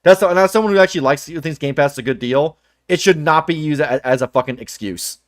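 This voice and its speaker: A young man co-hosting a livestream, ranting in casual chat with profane, animated outbursts. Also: on the high side, fast, dry recording, studio quality. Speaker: livestream co-host.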